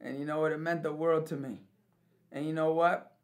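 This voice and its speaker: A man giving a personal testimony about forgiveness as a youth leader, telling it with lively storytelling that swings from loud to hushed and breaks into laughs. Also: on the high side, normal speed.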